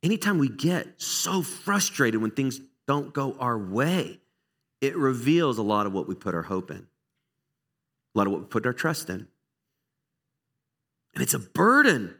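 In an unhurried, creaky, medium-pitched voice that pauses often, a middle-aged pastor gives a conversational sermon. His stories about himself come across as candid, animated, and self-deprecating.

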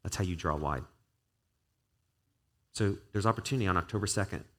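A man's voice: sits low, a little fast, fairly bright tone. A man, a pastor, preaching an earnest and conversational sermon to his church, with a stretch of spoken prayer.

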